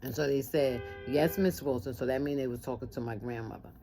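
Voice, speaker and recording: A woman telling a personal story in casual talk, lively and acting out the voices of family members. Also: very deep voice, brisk, faint music behind.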